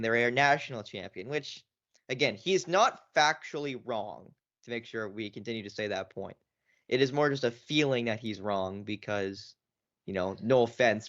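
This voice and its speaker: A man's voice: mid-range voice, fairly bright tone. Rambling male sports podcast co-host. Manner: rambling, lots of "you know" and restarts. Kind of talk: casual sports chat. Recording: dull lo-fi podcast audio.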